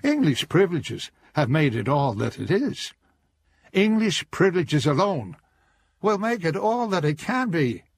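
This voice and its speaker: A man's voice: on the high side, sing-song, a little slow, gravelly, husky, heavily acted. An actor playing an 18th-century statesman giving a formal speech. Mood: orating. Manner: oratorical, declamatory.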